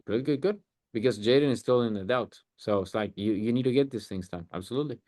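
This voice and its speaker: Man, sales coach, blunt, emphatic, mid-pitched, video call. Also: quick pace, a little mellow, no echo, studio quality.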